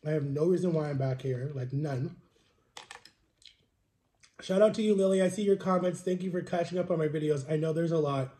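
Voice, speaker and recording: A young adult vlogger with a cold chats casually while eating on camera, frustrated and rambling as he vents in this mukbang video. He speaks on the high side, a little fast, with a warm tone and lots of pauses, and the recording sounds roomy.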